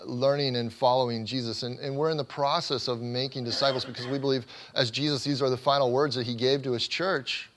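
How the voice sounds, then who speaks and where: A man's voice: medium pitch, a bit bright. A man preaching a sermon as a pastor, earnest and emphatic, building points through repeated phrases and frequent small restarts.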